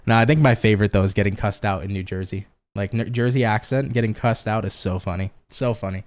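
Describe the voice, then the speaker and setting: A man's voice: lowish voice, steady tone, fast talker, few pauses. A man hosting a tarot channel, chatting casually on a stream, laughing often and swearing freely. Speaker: tarot reader and channel host. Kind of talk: casual chat on a live stream.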